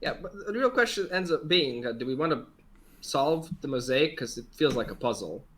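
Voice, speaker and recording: A man playing a tabletop game, speaking in a halting, stammering way. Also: medium pitch, lively intonation, a bit bright. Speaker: player. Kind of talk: casual tabletop game chat.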